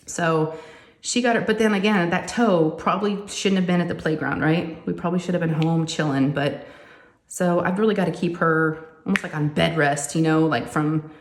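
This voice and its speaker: Woman, chatty storyteller, a little low-pitched, echoey room. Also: moderate pace, slight background noise. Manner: chatty, animated, says "y'all" often. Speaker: crafting vlogger and mother. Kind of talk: casual storytelling chat while crafting.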